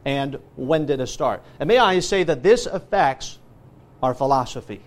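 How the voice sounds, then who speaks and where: A man's voice: mid-range voice, lively intonation, moderate pace. A man preaching a sermon, emphatic and listing scripture references point by point. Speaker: pastor. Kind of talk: sermon teaching.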